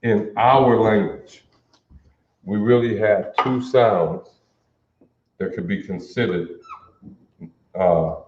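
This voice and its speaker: Slow, deliberate man teaching letters. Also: lowish voice, a little hiss or hum. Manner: slow and deliberate, quizzing listeners with questions. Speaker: language teacher. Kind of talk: classroom lesson on an alphabet. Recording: roomy, dull lo-fi sound.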